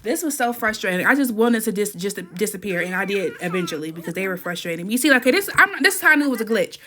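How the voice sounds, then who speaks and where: Recording on an iPad, a gaming channel host rambles casually through a voice-over for her gameplay, speaking straight to y'all, her viewers, and noting that she generally talks low. She's animated and fast, with a sharp tone and slight background noise.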